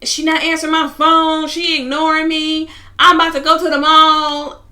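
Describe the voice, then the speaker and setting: A woman voicing a furious young woman who is yelling at her partner, shrill and pleading. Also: fairly even intonation, normal speed. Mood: angry, shrill.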